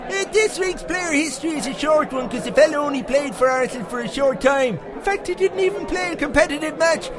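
A man's voice: very high voice, animated, brisk, music in the background, a crowd in the background, pitched above the performer's own voice. A man voicing a crude, boastful pub regular in a comic podcast monologue, rambling and swearing constantly. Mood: blunt. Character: foul-mouthed Irish pub regular, middle-aged man, boastful and crude.

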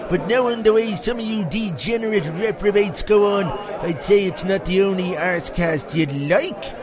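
Man doing a shrill foul-mouthed Irish barfly, boastful rambling yarn-spinner, pub crowd chatter behind. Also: normal speed, natural voice. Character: crude boastful Irish pub regular, middle-aged man. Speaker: segment presenter. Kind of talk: comic monologue character.

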